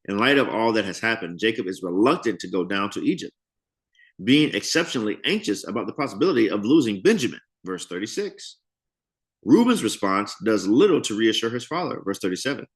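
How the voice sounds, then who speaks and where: A man teaches a Bible study in a loose, conversational way. He reads study notes aloud, then breaks into lively asides that act out the characters. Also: fairly low pitch, brisk, husky. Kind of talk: casual Bible study commentary.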